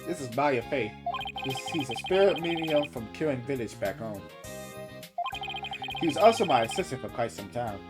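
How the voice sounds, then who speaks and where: A man reading as a grown lawyer looking back on old days in a visual-novel game, steady and plain with a lively lilt. Game music plays underneath. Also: medium pitch, moderate pace, pauses often, lightly acted. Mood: wistful. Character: earnest adult male lawyer reminiscing.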